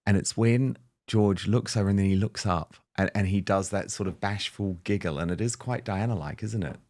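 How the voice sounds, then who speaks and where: Man, show host, lower voice, chatty and casual, reads comments aloud. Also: normal speed, a little mellow. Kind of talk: casual chat.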